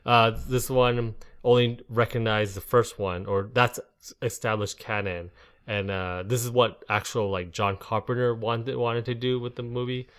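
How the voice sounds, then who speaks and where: A man's voice: mid-range voice, steady tone, measured pace, a bit bright, clear, resonant tone. A man hosting a casual movie discussion, rambling with many fillers and restarts.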